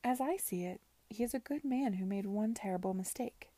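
A woman's voice: medium pitch, normal speed, dark tone, no echo, natural voice. A woman reading aloud and voicing an earnest, anxious young woman in an urgent, pleading tone.

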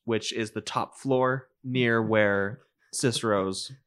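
A man's voice: on the low side, steady tone, slow, a bit bright, clean tone. A man narrating a tabletop game as game master, describing scenes and laughing often.

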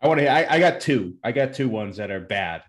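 A man's voice: mid-range voice, lively intonation, a little fast. A young adult man co-hosting a podcast in casual chat, blunt and emphatic. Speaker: podcast co-host.

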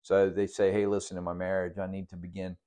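Male pastor, very low voice, teaching style, walks through numbered questions. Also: completely flat delivery, fast, mellow. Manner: works through numbered study questions, with restarts. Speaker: pastor leading a Bible study. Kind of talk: sermon.

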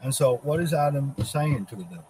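A man's voice: medium pitch, animated, brisk, darkish tone, slight background noise, poor audio. A man telling a religious story in an earnest, loosely spoken improvised monologue.

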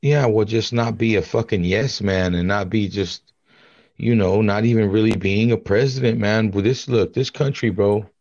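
Young male podcast co-host, loose and profane, lower-pitched, muffled and dry sound. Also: normal speed, darkish tone, dry recording. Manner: profane, laid-back storytelling. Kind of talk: casual chat.

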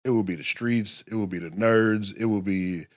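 A man's voice: lowish voice, normal speed. A man chatting casually on a podcast, telling loose, profane stories full of "yo" and "you know what I'm saying". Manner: loose, profane, animated storytelling. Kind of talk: casual chat.

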